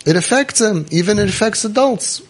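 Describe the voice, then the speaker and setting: A man's voice: high-pitched, animated, a little fast, breathy edge. A middle-aged man gives an emphatic, storytelling inspirational talk, acting out the voices he quotes. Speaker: youth program founder and speaker.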